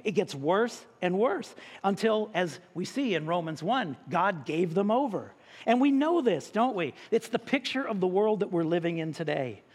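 A man preaching a sermon as pastor, talking to the congregation in a conversational, joking way with many restarts. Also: sits high. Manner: addresses the congregation directly. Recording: long hall reverb.

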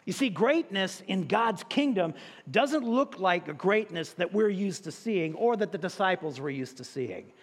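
A man preaching a sermon as pastor, with animated delivery and drawn-out emphasis on key words. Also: sits high, husky. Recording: long reverb in a large hall.

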